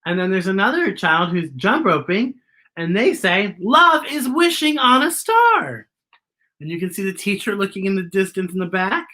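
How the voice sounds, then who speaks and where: A woman reading a picture book aloud to children, animated and pointing out the illustrations. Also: mid-range voice, brisk. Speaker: children's storyteller.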